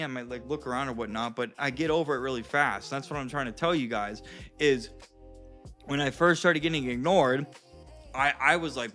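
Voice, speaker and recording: A man's voice: mid-range voice, brisk, bright, forceful tone, faint music behind. A man of thirty giving casual coaching advice to viewers, chatty and profane, calling them guys and dude. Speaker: dating and confidence coach.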